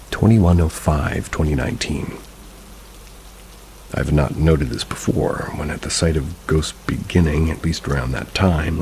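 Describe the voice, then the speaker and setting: Very deep gravelly male narrator. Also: darkish tone, a little hiss or hum, poor audio. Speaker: horror story narrator. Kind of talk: scripted narration of reader stories.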